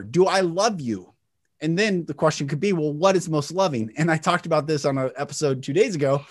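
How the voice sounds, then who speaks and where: A middle-aged man hosting an inspirational spiritual talk, earnest and emphatic, swinging his pitch and loudness for effect. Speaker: podcast host and speaker.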